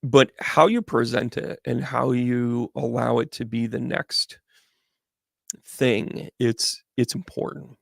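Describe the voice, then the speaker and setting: A man's voice: medium pitch, steady tone, slow, creaky, a bit bright, no room sound, clean studio sound. A middle-aged man, hosting and telling a rambling story in a chatty way, with frequent restarts. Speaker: host, medium. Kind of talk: casual storytelling to a live audience.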